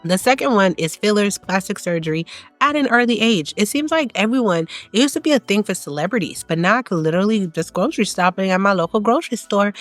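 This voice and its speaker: A woman with a stuffed-up nose from a cold, chatting relaxedly about her views in a vlog. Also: on the low side. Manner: relaxed, chatty, laughs between points. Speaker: social media commentator. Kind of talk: casual opinion vlog. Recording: faint background music.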